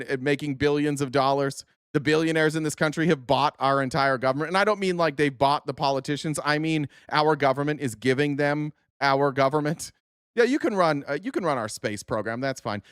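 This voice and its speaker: A woman's voice: low-pitched, clear, resonant tone, dry recording. Woman streamer ranting, sarcastic and sweary, dry close mic. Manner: profane, sarcastic, heated. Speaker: political stream host. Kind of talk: live-stream political commentary.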